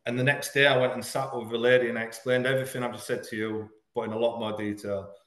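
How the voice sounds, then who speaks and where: A man speaks in a middle-pitched voice and tells a hard personal story with blunt honesty. He pauses and stumbles over the heaviest parts, but he keeps going. The room gives his voice a roomy echo. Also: level tone, a bit bright. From Hull, England. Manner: frank, earnest, halting at painful moments. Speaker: podcast guest. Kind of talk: candid personal storytelling in an interview.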